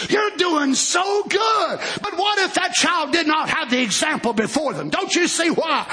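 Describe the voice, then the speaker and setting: A man preaching as pastor, building to shouted, drawn-out lines. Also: very high voice. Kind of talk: sermon.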